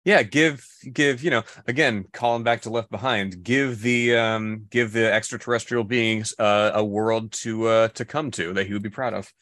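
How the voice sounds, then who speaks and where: A man co-hosting a casual book podcast, speaking in a halting, wry way with plenty of uhs and ums. His voice sits on the lower side. The recording is dry and close. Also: steady tone, a bit bright, dry recording. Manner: wry, halting, hesitant with fillers. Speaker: podcast co-host.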